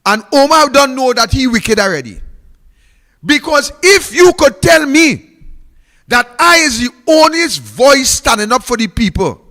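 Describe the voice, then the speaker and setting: A man's voice: very high voice, sharp tone, long reverb tail. A Trinidadian man giving a fiery, mocking political speech, repeating phrases for emphasis.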